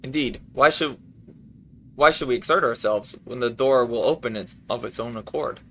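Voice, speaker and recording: A man's voice: mid-range voice, normal speed, a bit bright, a little hiss or hum, close to an everyday voice. A man reading the lines of a formal male explorer in game dialogue, with old-fashioned, stately wording. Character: formal male explorer explaining a sealed gate.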